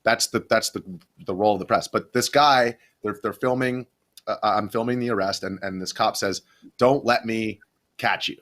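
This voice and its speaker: A man's voice: fairly low pitch, normal speed, fairly bright tone. A young adult man, a video journalist, rambling through a story in a casual podcast interview, full of restarts and fillers.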